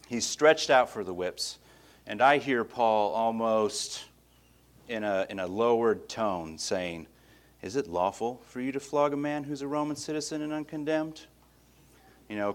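Low-voiced man teaching scripture casually. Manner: conversational, frequent restarts and asides. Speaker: Bible teacher. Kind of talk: casual Bible study teaching.

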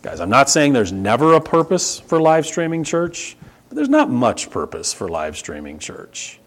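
Man, American accent, pastor, sermon, conversational, lively pitch. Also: normal speed. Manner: conversational, animated, acts out dialogue. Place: church sanctuary.

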